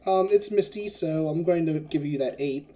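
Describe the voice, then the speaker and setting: A game master narrates a tabletop adventure in a loose, rambling way, full of fillers and restarts. The voice is mellow and dark in tone. The pitch sits in a middle range. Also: normal speed. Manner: rambling, filler-heavy, casual.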